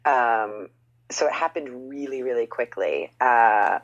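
A woman's voice: extremely low pitch, takes it slowly, muffled recording. A woman in her thirties, a musician guest on a podcast, telling stories in casual chat with lots of "like" and quoted voices. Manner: storytelling, animated quotes, frequent "like".

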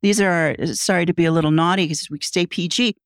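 A woman's voice: on the low side, quick pace, dry recording, studio quality. Playful woman coaching a body exercise. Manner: playful, coaching, lively instructions. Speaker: psychotherapist guest. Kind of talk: guided body exercise in conversation.

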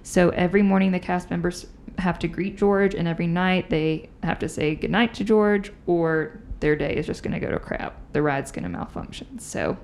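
A woman's voice: on the low side, normal speed, creaky, hardly any pauses, a little hiss or hum. A woman hosting a podcast, telling ghost stories in a chatty, casual way. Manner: chatty, animated storyteller. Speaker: podcast host. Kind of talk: casual chat, storytelling.

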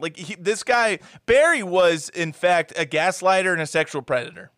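A man's voice: moderate pace, few pauses, no room sound, clean studio sound. A man co-hosting a podcast, chatting casually about a movie and swearing as he does mocking character voices. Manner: animated, swearing, mimics film characters in high shouts. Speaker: podcast co-host. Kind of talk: casual movie-review chat.

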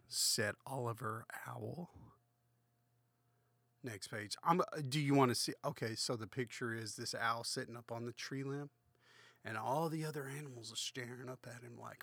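A man's voice: mid-range voice, normal speed, gravelly, a bit bright, breathy edge, dry recording. A slightly drunk man hosting a comedic read-aloud of a children's book, rambling through crude, swearing asides. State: a little drunk. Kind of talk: comedic book reading with commentary.

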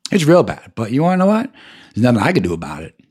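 Husky guy going off on a profane podcast rant, voice swings way up and down when he gets mad. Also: huge pitch swings, fast, a little mellow. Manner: profane, ranting, voice jumps high when heated. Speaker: podcast host. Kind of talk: angry solo rant.

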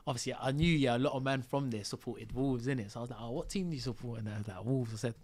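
A man chatting as a guest on a podcast, telling his story in loose, slang-filled speech. He acts out the voices of the people in it with lively energy. His pitch sits at an ordinary middle height for a man. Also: fast talker, a little hiss or hum. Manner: slang-heavy, animated storyteller acting out quotes. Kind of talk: casual storytelling chat.

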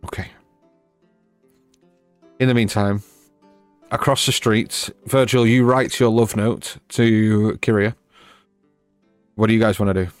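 A man with a fairly low voice runs a live tabletop session, describing scenes at an easy pace and turning to the players to ask what they do. The sound is dry and close, with a faint bed of music underneath. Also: steady tone, measured pace, pauses often, clean tone, dry recording. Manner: easygoing, descriptive, prompting players. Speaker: dungeon master. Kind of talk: narrating a live-play tabletop game.

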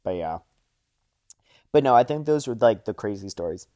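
A man's voice: fairly low pitch, expressive, normal speed, dark tone. A young man hosting a podcast, telling backstage stories in a casual, rambling way with lots of filler words. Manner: rambling, heavy on fillers like "like" and "you know". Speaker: podcast host.

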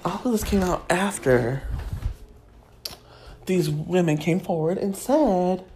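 A woman from Kentucky with a Kentucky Southern accent, hosting a crude, sassy comedic gossip monologue with drawn-out emphasis. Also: lowish voice, lively intonation, mellow, a little hiss or hum. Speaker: celebrity gossip host.

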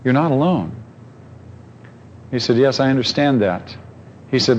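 A man's voice: mid-range voice, expressive, measured pace, long pauses, slight background noise. Man preaching, dull lo-fi recording. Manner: conversational preaching with rhetorical questions and asides. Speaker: pastor. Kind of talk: sermon.

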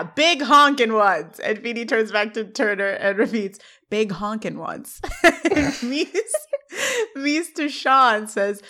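A woman's voice: mid-range voice, sharp tone. A woman co-hosting a podcast, retelling an episode scene by scene and quoting the characters' lines. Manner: laughs often while recounting. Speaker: podcast co-host. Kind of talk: scene-by-scene recap.

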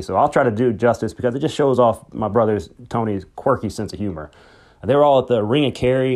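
A middle-aged man hosting a podcast, telling rambling, conversational stories about his late brother, grieving but hopeful. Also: fairly low pitch. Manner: conversational and rambling, with restarts and soft chuckles. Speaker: podcast host. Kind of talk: personal storytelling, memorial tribute.

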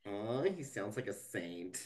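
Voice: medium pitch, very animated, measured pace, darkish tone. A podcast co-host reacting to a story with wry quips and laughter. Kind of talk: casual chat.

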